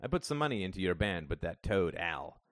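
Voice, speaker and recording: A man's voice: low voice, sing-song, fairly quick, no room sound, studio quality. A man doing a rambling anxious dad. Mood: wheedling. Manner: rambling, wheedling, swearing. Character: middle-aged father, rambling, anxious, blustery.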